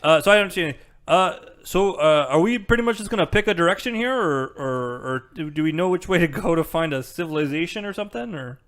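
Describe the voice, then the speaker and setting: Young dude playing d&d, kinda high voice, rambles and stammers a lot. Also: male voice, fast talker, a bit bright. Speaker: player. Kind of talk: casual tabletop play.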